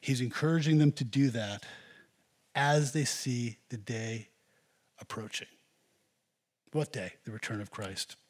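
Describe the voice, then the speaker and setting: A husky-voiced man preaches a sermon from the pulpit. He presses earnestly on his congregation, urging them on line after line. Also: mid-range voice, unhurried, pauses often. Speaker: pastor.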